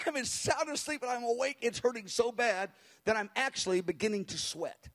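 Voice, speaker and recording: A man recounting a spiritual experience as an animated personal testimony, acting out the people he quotes and chuckling as he goes. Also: very high voice, brisk. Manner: acts out the people he quotes, with cries and hushed voices.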